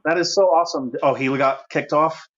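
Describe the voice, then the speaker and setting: A man from Rhode Island with the matching local accent hosts a casual call-in show. He rambles warmly, losing his thread with plenty of ums and restarts. His voice sits at an ordinary middle pitch and comes through a dull, lo-fi speakerphone. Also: fairly quick. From Rhode Island, USA. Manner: chatty, easily distracted, many fillers and restarts. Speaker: host. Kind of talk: casual call-in livestream chat.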